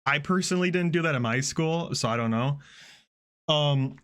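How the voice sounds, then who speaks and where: A young man streaming, recapping a string of online videos in a casual, profane, animated way. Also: on the high side, moderate pace, clean tone. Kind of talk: casual storytelling on a livestream.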